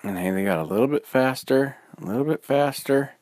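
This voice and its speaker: A man narrating an improvised bedtime story in a relaxed, unhurried, sing-song way. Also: mid-range voice, no echo, studio quality.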